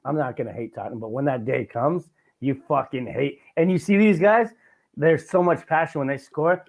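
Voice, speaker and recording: Excitable, swearing young man. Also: a little high, moderate pace, vocal fry. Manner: excited, swears a lot, passionate sports fan. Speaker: podcast host. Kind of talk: casual chat.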